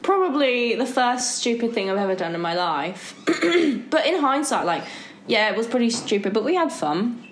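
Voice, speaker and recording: Animated woman in an echoey room. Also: fairly high pitch, normal speed. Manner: animated storyteller, laughs often. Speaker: podcast host. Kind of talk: casual storytelling chat. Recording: echoey room with faint noise.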